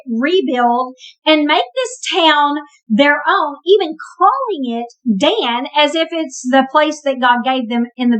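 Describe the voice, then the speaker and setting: A woman's voice: sits high, fairly bright tone, low-quality recording. A woman retelling a Bible story in a casual, conversational way, with wry asides and emphasis. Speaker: Bible teacher.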